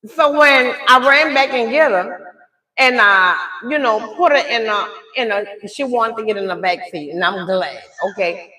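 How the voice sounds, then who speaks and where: During a casual livestream storytime, a middle-aged woman animatedly recounts a family tale, her measured, higher-side voice jumping between loud outbursts and quiet asides. She addresses viewers throughout, often asking "okay?", and the room echoes.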